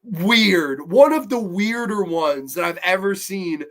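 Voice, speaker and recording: Rambling, excitable male reviewer. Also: high voice, slow. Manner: rambling, excitable, swears freely. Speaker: horror series reviewer. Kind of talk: casual episode review.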